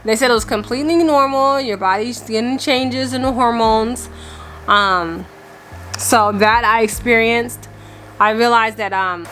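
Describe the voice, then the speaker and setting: A woman's voice: a little high, fairly bright tone. Chatty pregnant woman in her thirties. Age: 30s. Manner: chatty and candid, laughing often. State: slightly out of breath. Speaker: family vlogger. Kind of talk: casual vlog talk.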